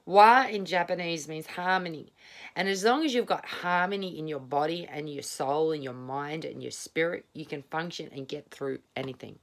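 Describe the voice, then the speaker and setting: A woman's voice: sits low, normal speed. A woman giving a casual tarot reading at home, rambling, candid and blunt, swearing freely. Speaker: tarot reader. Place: home, at a small table.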